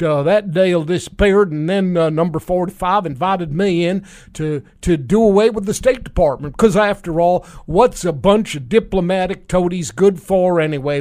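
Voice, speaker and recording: A man's voice: high-pitched, a little mellow, natural voice. A man putting on a rambling older Texan oilman who was pushed out as top diplomat.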